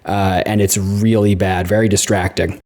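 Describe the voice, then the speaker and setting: A man's voice: low-pitched, flat delivery, moderate pace, a little mellow. A man co-hosting a podcast, recapping a movie's plot in casual chat with wry asides. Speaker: podcast co-host.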